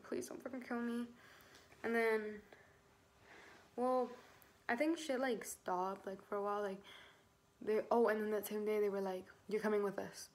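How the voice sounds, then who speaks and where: A woman's voice: mid-range voice, a little hiss or hum. Chatty young woman telling her story. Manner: chatty, slangy, quick asides with frequent "like". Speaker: vlogger. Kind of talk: casual storytelling.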